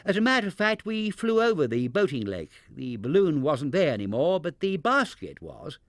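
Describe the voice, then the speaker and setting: An eager young boy bear from a storybook who brags about everything, his voice set high above normal talk, as a man puts him on. He sounds bright and full of himself. The recording is close and dry. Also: big pitch swings, normal speed, dry recording. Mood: boastful. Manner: eager and boastful.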